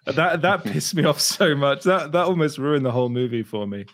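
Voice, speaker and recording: A man's voice: fairly high pitch, lively intonation, normal speed, a bit bright. A man co-hosting a casual podcast, laughing often and restarting his sentences mid-thought. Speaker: podcast co-host. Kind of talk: casual chat.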